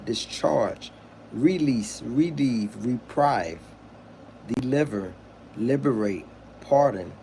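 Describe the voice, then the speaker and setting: A man hosting a livestream, reading lists of words aloud slowly and deliberately, with casual asides. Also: mid-range voice, warm tone, slight background noise. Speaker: livestream host.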